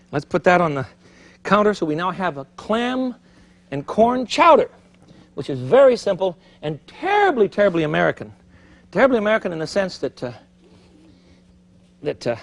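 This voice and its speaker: Lively, chatty man hosting a TV cooking show. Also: high-pitched. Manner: chatty, animated, thinks aloud while cooking. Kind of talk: TV cooking demonstration. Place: TV studio kitchen. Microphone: broadcast mic.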